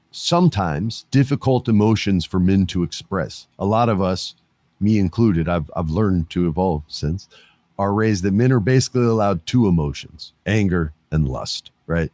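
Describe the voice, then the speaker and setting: Middle-aged male podcast host, low voice, dry close sound, animated and laughing. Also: no room sound. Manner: animated, laughs often, swears casually. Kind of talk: casual commentary.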